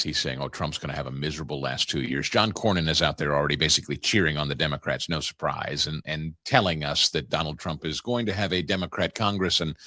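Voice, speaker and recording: A man's voice: very deep voice, sharp tone, no echo, clean studio sound. A man hosting a political talk show, delivering opinionated commentary in a sarcastic, incredulous way.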